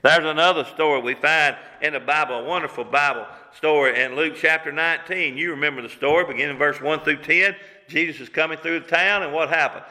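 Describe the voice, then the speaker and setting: An older male pastor in his sixties preaches with a very bright, fairly high voice and an easy, folksy cadence. He slows down and drops his voice low for quoted lines. His words ring out with a long echo, as in a big church sanctuary. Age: 60s. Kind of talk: sermon. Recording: long reverb of a large room.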